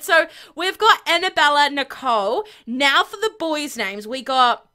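A woman giving bubbly, excitable commentary while playing a life-simulation game on her channel. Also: high-pitched, measured pace. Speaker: gaming channel host.

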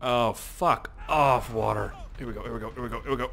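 Excitable young man narrating his gameplay. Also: medium pitch, quick pace, vocal fry, husky. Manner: excitable and profane, frequent exclamations and laughs. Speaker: gameplay commentator. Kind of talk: casual gameplay commentary.

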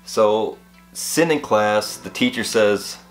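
Young man rambling in a low voice. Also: slow pace, soft background music. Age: young adult. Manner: rambling and animated, heavy on filler "like". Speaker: vlogger. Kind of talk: casual storytelling vlog.

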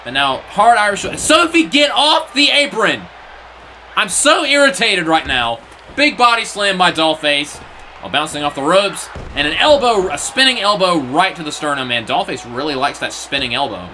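A young man doing play-by-play for a wrestling video game, his voice high and bright with wide, bouncy swings in pitch. He gets animated, shouting at big moves and grumbling in exasperated asides. A faint hiss of noise sits behind him. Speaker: play-by-play commentator.

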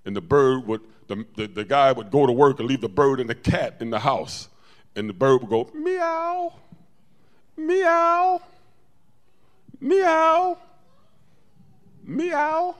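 A man preaching a lively sermon to his congregation, telling stories and calling out to the room. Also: mid-range voice, fairly quick. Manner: animated preaching, storytelling with call-outs to the congregation. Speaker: pastor.

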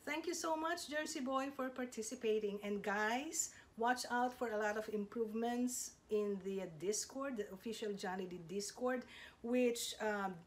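A woman with a fairly high voice hosts a casual video presentation of her channel's reveal compilation, with slight background noise behind her. She speaks slowly and gushingly, offering lots of thanks to each contributor.

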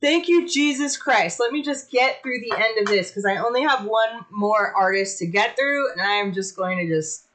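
A woman hosting a casual livestream, chatty and excitable, swearing freely as she talks. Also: medium pitch, moderate pace. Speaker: livestream host.

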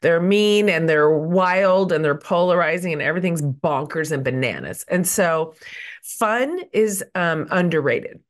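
A woman with a low, crackly voice hosts her podcast while fighting off a cold. She talks casually and gushes with praise, filling her sentences with little fillers. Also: expressive, unhurried. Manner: effusive and warm, with many fillers. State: sick and slightly hoarse. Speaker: podcast host. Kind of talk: casual interview chat.

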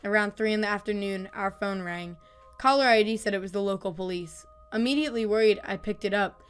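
A woman calmly reading horror stories in scripted narration, growing softer and quieter on the grim lines. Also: mid-range voice, clear, resonant tone. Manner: calm, measured, dropping softer on grim lines. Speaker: storyteller. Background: faint music.

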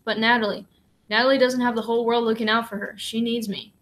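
Woman reading as an anxious storybook mother, tense, pleading, slightly higher. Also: steady tone, quick pace, a bit bright, close to an everyday voice, poor audio. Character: worried mother, sharp and anxious.

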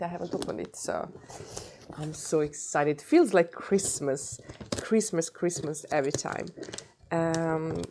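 Beauty vlogger, woman from Sweden, has a cold, slightly low voice, gushing and giggly. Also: a little hiss or hum. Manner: excitable, gushing, breaks into giggles. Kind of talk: casual unboxing vlog.

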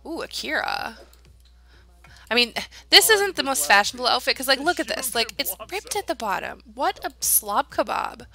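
A young woman talks her way through a life-sim game, chatting to her characters and giggling often. Her voice is bright and sits a little high, and she keeps a loose, casual commentary going the whole time. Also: expressive, moderate pace. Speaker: let's play gamer.

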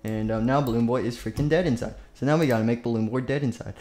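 A man's voice: medium pitch, fast talker, few pauses, dark tone. A young man, a YouTuber, playfully narrating a game machinima with lots of fillers. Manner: rambling, silly, full of fillers.

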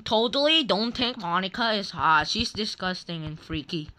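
A young woman runs a gaming channel, giving playful, teasing Roblox commentary while laughing often. Her mid-range voice is animated, bright, and forceful at a moderate pace, with slight background noise.

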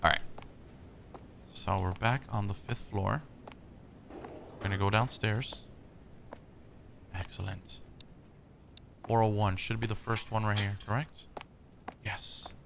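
A man's voice: fairly low pitch, steady tone, slow, gravelly, pauses often, noisy background. A man hosting a horror game playthrough, chatting casually, jumpy, swearing and talking back to the characters. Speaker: gaming video host.

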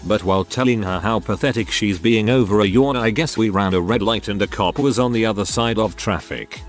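A man narrates a string of online stories in a matter-of-fact reading voice. His pitch sits low, yet his intonation rises and falls with plenty of life. Soft music runs quietly underneath.

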